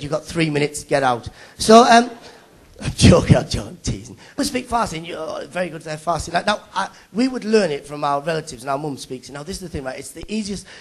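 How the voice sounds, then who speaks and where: A young man performs stand-up on a live stage, talking to the crowd at a rapid clip. His voice sits a little high with a gravelly edge, and he teases and chats with the audience as he goes. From Middlesbrough, England. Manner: chatty, teasing banter with the audience. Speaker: stand-up comedian. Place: stage at a live awards show.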